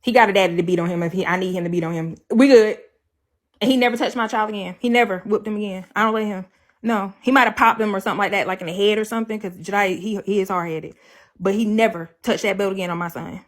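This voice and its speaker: A woman's voice: mid-range voice, fast talker. A woman talking casually on a livestream, blunt and profane, hammering her points home by repeating them. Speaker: livestreamer telling her side of a breakup.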